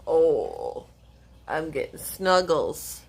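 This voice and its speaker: A woman's voice: deep voice, big pitch swings, drawn-out words, gravelly, slightly rough. A woman hosting a casual live stream, chatting to her pets and her viewers.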